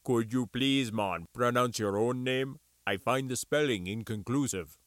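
A man's voice: medium pitch, measured pace, fairly bright tone, dry recording, studio quality, natural voice. A man reading an audiobook and voicing a polite adult male student with a thick foreign accent and formal, careful phrasing. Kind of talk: audiobook character voice.

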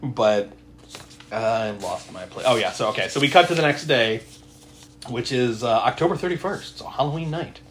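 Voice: medium pitch, expressive, normal speed, slight background noise. A podcast co-host recapping a horror movie in casual chat, laughing often and acting out the characters' lines. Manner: laughs often, retells scenes with voiced quotes.

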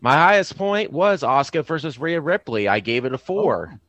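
A man with a bright, fairly high voice co-hosts a casual podcast and talks in an easygoing, agreeable way. His voice sits close and dry on the mic. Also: expressive, moderate pace, dry recording. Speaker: podcast co-host. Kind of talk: casual wrestling podcast chat.

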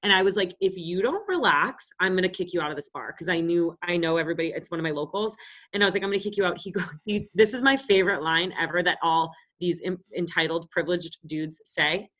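A woman's voice: lowish voice, fast talker, fairly bright tone. A woman around thirty, co-hosting a podcast and telling stories in a casual, blunt and profane way. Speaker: podcast co-host. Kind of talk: casual chat.

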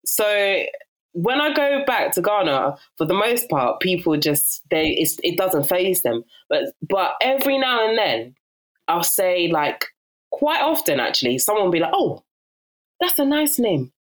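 A guest in a relaxed interview, a young woman with a South London accent, talks a little slowly in a lowish voice. She tells stories with lots of energy, acting out others' voices and laughing frequently.

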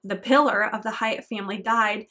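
A woman's voice: medium pitch, steady tone, normal speed, pushed and bright. A middle-aged woman hosting her own podcast, talking alone in an earnest, encouraging way about pressing on through hard times. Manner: earnest, encouraging, faith-tinged. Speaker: podcast host. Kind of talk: solo motivational podcast monologue.

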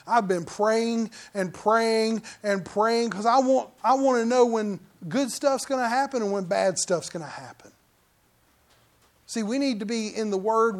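A middle-aged pastor with a very high-pitched voice preaches a conversational sermon, now and then breaking into loud mock outbursts.

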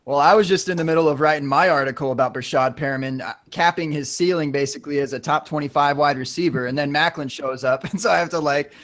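A man with a fairly high voice hosts a relaxed sports chat. He rambles, stops and restarts, and leans on fillers as he goes. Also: fast, hardly any pauses.

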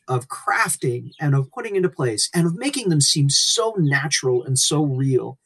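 A man's voice: mid-range voice, slightly rough. A man co-hosting a casual book-discussion podcast, speaking enthusiastically and stretching words for emphasis. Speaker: podcast co-host. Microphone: remote call mic.

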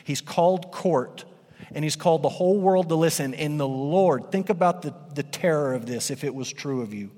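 A man preaching a sermon emphatically, his voice rising and then dropping low for effect. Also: normal speed, mellow. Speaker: pastor. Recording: long hall reverb.

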